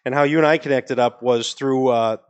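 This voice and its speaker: A man's voice: medium pitch, steady tone, brisk, smooth, muffled recording. A man from Maine with a New England accent, a guest on a podcast in a studio, easygoing and rambling with many restarts. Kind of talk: casual podcast chat.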